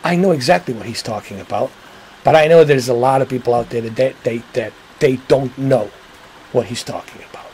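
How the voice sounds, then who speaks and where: A man's voice: mid-range voice, a little fast, a little mellow, husky, low-quality recording. A man hosting a livestream, chatting casually and rambling to his viewers, swearing now and then. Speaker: livestream host.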